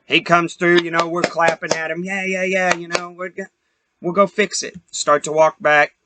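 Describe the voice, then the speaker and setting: A man's voice: fairly high pitch, level tone, moderate pace, sharp tone. Profane, heated young man ranting. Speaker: podcast host. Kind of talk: casual storytelling rant.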